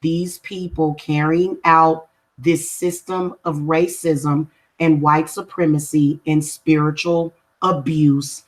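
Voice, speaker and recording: This spiritual reader and spellworker speaks in a low, steady voice, taking her time. Chatting casually with livestream viewers, she turns confrontational and emphatic, hammering home her points through repetition.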